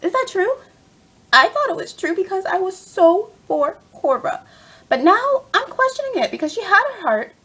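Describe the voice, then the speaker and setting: Breathy young-sounding woman ranting casually. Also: a little high. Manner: rambling, exasperated, lots of fillers. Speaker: TV fan reviewer. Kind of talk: casual episode rant.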